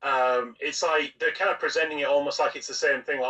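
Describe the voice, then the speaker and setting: A man co-hosting a podcast in a casual, critical chat. His voice sounds bright and forceful and is full of fillers like "like" and "you know". The mic sits at some distance from him. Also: medium pitch, fairly even intonation, brisk, muffled recording. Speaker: podcast co-host.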